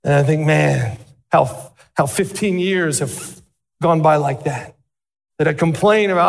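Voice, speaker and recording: A middle-aged man preaching a sermon as a pastor, animated and asking the congregation questions. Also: fairly high pitch, moderate pace, creaky. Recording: long reverb of a large hall.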